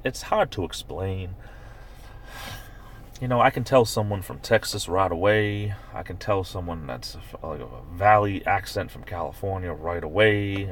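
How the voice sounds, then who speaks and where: A man with a Northeastern US accent, edging toward New York, chats loosely on a live stream and reads viewer comments aloud. His voice sits very low. He talks from inside a parked car. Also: slight background noise. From Northeastern United States. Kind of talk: casual live stream chat.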